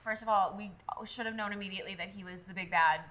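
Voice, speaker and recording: A woman player in a tabletop game, eager and excitable in casual chat. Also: medium pitch, fast talker, heavy background noise.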